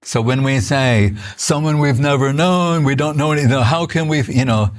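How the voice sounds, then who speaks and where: An older man giving an informal spiritual lecture, telling stories conversationally with many restarts and soft laughs. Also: medium pitch, normal speed. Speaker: spiritual teacher.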